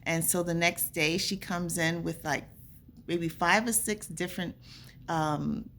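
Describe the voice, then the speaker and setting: A woman speaks to her camera in an earnest, conversational way, recounting something from her own life. Her voice sits low and has a gravelly edge. A faint hum of noise runs underneath. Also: steady tone, unhurried, fairly bright tone. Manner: earnest, conversational, acts out remembered dialogue. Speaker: vlogger. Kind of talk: casual personal storytelling to camera.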